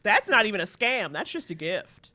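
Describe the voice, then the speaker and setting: A woman's voice: mid-range voice, sing-song, normal speed, pushed and bright. A woman comedian from Harlem in casual comedic chat, telling stories animatedly and acting out the lines she quotes. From Harlem, New York. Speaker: comedian guest.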